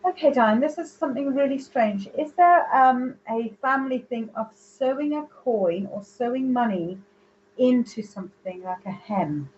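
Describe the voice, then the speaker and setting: A woman's voice: fairly high pitch, normal speed, darkish tone, highs cut off, a little hiss or hum. A woman, a psychic medium giving a live reading and relaying messages directly to viewers by name.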